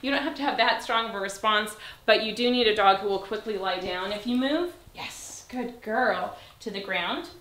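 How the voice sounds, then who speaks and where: A woman dog trainer giving a calm, step-by-step demonstration and praising the dog. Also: mid-range voice, a little fast, few pauses. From Southern California. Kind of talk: instructional demonstration. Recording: echoey room.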